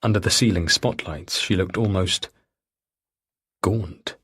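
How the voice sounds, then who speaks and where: A man narrating a mystery thriller audiobook in a steady, measured reading. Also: sits low, breathy edge. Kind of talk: scripted narration.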